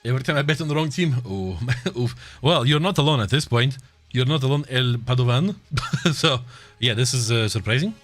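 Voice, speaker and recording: A man's voice: medium pitch, lively intonation, a little fast, fairly bright tone, faint music behind. A man with a Russian accent giving casual, joking live esports commentary and chatting with viewers, laughing often. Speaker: esports caster.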